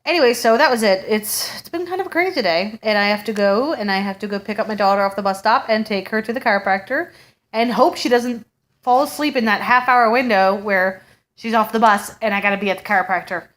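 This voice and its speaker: A woman's voice: mid-range voice, brisk, fairly bright tone. A woman in her thirties, a mother chatting casually to camera and telling a story with frequent laughter. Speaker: mother vlogger. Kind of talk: casual chat.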